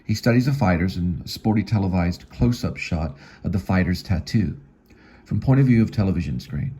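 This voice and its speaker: A man's voice: deep voice, animated, fairly quick, mellow, breathy edge. A man reading his own screenplay aloud, working through the scene directions plainly, with small slips. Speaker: actor and channel host.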